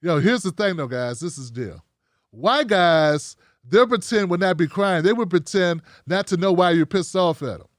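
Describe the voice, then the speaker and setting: A man's voice: high voice, expressive, moderate pace, no echo, clean studio sound. A man hosting a livestream, giving frank, rambling commentary straight to his viewers. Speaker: show host.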